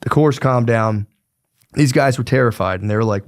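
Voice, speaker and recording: In clean studio sound with no echo, a young man hosts a podcast, recounting history in a loose, profane, slang-filled ramble with fillers. His voice is medium-pitched and he talks at a normal speed.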